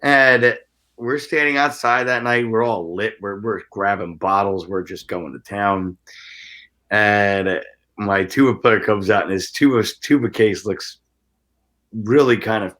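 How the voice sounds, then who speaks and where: Sex: man. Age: 30s. Role: musician guest. Style: casual storytelling interview. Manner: animated, profane, stammering restarts. Timbre: bright. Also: lowish voice, a little slow.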